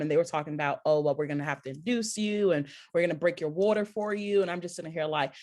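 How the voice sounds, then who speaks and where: A woman co-hosting a casual panel chat, telling a lively story, acting out quotes and laughing often between lines. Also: low-pitched, fairly quick. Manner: lively storyteller who acts out quotes, heavy "like"; laughs often while talking. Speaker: podcast co-host.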